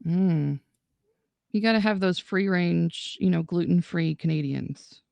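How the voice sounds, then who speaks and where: A woman's voice: on the low side, unhurried, gravelly, mellow, dry recording, lo-fi sound. A woman co-hosting a live drawing stream, chatting casually with teasing, enthusiastic banter. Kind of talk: casual chat.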